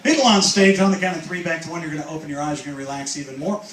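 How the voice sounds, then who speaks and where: A man performing as a stage hypnotist. He gives slow, soothing trance commands and mixes them with upbeat banter with the audience. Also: a little high. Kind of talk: live stage hypnosis show. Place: cruise ship show lounge with live audience. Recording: echoey room from far off, loud crowd and noise.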